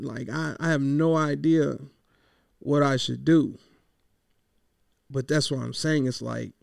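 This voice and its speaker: A fairly high-voiced man with a gravelly edge rambles through a frustrated, casual vent, cursing freely as he goes. His voice stays smooth and resonant underneath the grit, and the recording is close and dry. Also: a little mellow, dry recording. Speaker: podcaster. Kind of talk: casual venting monologue.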